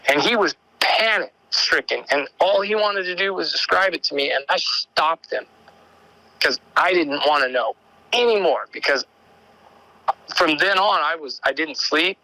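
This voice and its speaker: A man calling in to tell his own story, his voice bright and a bit high. He rambles, trips over repeated words and slips into the voices of the people in it. The sound is dry and close. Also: unhurried, dry recording, rough recording. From Oregon. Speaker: caller sharing an encounter story. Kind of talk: animated storytelling.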